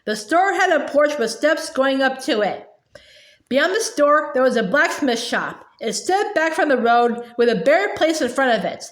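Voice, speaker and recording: A woman reading a children's book aloud in a halting way, with fillers and restarts. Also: high voice, big pitch swings. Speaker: reader. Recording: echoey room.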